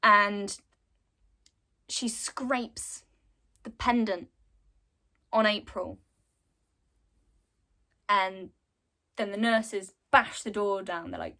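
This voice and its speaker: A woman's voice: mid-range voice, extremely slow, long pauses, bright, forceful tone. A young woman casually retelling a game's story in a chatty way, with lots of fillers. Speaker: content creator.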